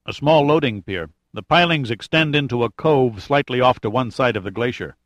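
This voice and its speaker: A man's voice: mid-range voice, normal speed, no echo, natural voice. A man reading an audiobook, voicing a practical adult male guide who talks bluntly and matter-of-factly.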